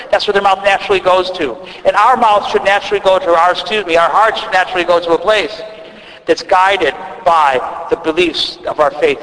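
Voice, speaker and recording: A priest with an Upper Midwest American accent preaches a sermon in a high voice that rings out under long church reverb. His delivery is relaxed and conversational, full of restarted phrases and asides.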